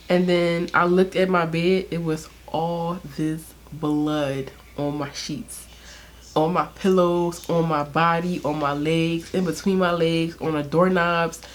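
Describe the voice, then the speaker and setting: A woman's voice: fairly low pitch, steady tone, takes it slowly. A young woman vlogger telling a personal story in a candid, chatty way, laughing often and using lots of fillers. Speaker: beauty vlogger. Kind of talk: casual storytime.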